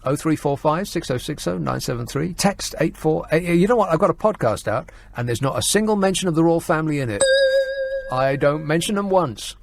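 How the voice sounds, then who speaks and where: A man's voice: a little high, expressive, fairly quick, gravelly, faint music behind. A man hosting a talk radio phone-in, sardonic and mocking, laughing often.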